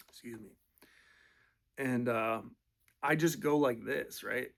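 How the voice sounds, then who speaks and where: A man's voice: medium pitch, slow, vocal fry, pauses often. A man telling casual, profane, rambling stories, full of fillers. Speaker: storyteller. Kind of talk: casual storytelling.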